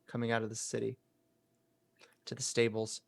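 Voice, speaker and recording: Relaxed male game master narrating. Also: medium pitch, normal speed, gravelly. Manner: relaxed, scene-setting narration.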